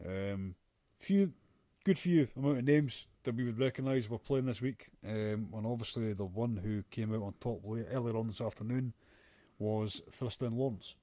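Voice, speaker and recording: A man's voice: mid-range voice, moderate pace, mellow, no echo. A man co-hosting a casual podcast chat, blunt and sweary, ranting with plenty of filler. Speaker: podcast co-host.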